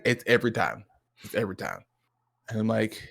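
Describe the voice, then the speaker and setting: A man in a casual, heartfelt chat, talking with lively emotion and frequent restarts. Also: on the low side, brisk, vocal fry, long pauses. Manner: animated, emotional, lots of restarts and quoted dialogue. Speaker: streamer.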